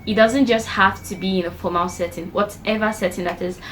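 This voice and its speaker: A young woman talks straight to her viewers, giving practical tips in a chatty, conversational way. She keeps slipping into short quoted exchanges to act out her points. Her voice sits at a middle pitch, with a faint hum of noise behind it. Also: steady tone, fairly quick, fairly bright tone, poor audio. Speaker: vlogger giving self-improvement tips. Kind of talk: casual talk-to-camera advice.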